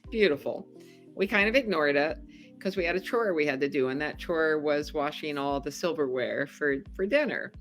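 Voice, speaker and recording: A middle-aged woman, a podcast guest, telling a story in casual chat, animated and laughing often. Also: sits low. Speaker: podcast guest, former game show contestant.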